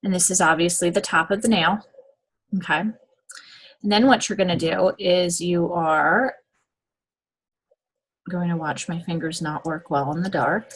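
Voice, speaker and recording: A woman's voice: on the low side, fairly even intonation, a little slow, long pauses, breathy edge. A woman giving a casual step-by-step nail application demonstration, checking in often with "okay?". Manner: chatty, step-by-step instructions with frequent "okay?" check-ins.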